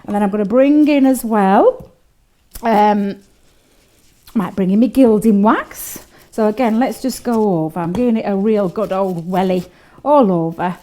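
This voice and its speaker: A woman chatting warmly and giggling as she demonstrates a craft technique on a live show. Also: medium pitch, a little slow. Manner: chatty, giggly, talks to co-host while working. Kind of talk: live craft shopping demo chat.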